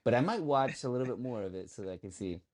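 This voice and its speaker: A man's voice: medium pitch, lively intonation, quick pace, a little mellow. A man co-hosting a podcast, chatting casually and rambling, restarting his sentences and trailing off mid-thought. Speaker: podcast co-host. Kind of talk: casual chat.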